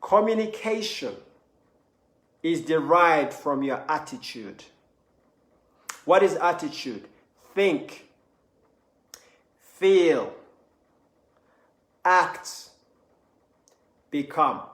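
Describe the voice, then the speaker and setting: A man's voice: on the high side, lively intonation, extremely slow, long pauses, a bit bright, roomy sound. A man giving a motivational talk, repeating phrases for emphasis and acting out quoted speech. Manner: repetitive, emphatic, acts out quoted voices. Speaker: motivational speaker.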